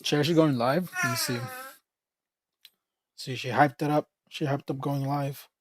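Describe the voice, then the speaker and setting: A man's voice: on the high side, normal speed, dry recording. A man livestreaming in a casual, rambling chat, joking with viewers, laughing often and calling people "bro".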